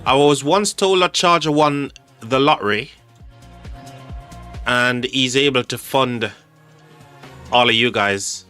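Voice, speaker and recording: A man's voice: medium pitch, takes it slowly, long pauses, sharp tone. A man hosting a live game stream, chatty and joking with his chat, calling people mate. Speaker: livestream host. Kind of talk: casual live game commentary. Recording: faint music behind the voice.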